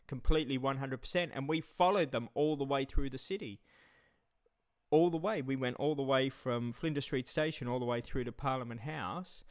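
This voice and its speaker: An Australian livestreamer with a medium-pitched voice launches into a heated, angry rant, swearing and stammering through repetitions. The audio is clean studio sound with no room sound.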